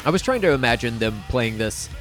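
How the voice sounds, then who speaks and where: An album is the topic as this male podcast co-host chats casually, his medium-pitched voice expressive, brisk, and fairly bright. He rambles with plenty of fillers and restarts, and faint music runs underneath.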